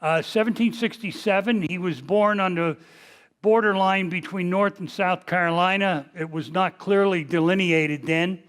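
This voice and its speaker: A man's voice: sits high, moderate pace, a bit bright. A retired history professor in his seventies giving a public lecture to a large audience, rambling and joking at his own expense. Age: 70s. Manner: self-deprecating, rambling, joking. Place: large library hall before a big audience. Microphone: stationary mic at a lectern.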